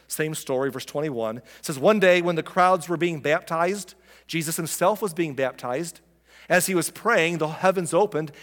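A pastor delivers a sermon in a church sanctuary, talking as if in conversation and asking the congregation questions. His voice is a bit higher pitched and fairly bright, and a long hall reverb leaves an echo tail.

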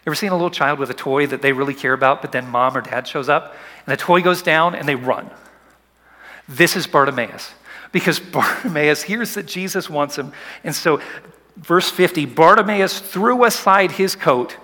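Male pastor, bright voice, fairly high, dramatic sermon delivery, long hall reverb. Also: normal speed. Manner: dramatic, swinging from soft whispers to loud urging.

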